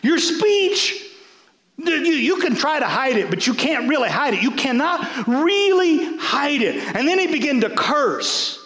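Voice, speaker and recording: A man's voice: very high-pitched, sing-song, unhurried, sharp tone, roomy sound. A man, a bishop, preaching a folksy sermon, repeating words as he builds.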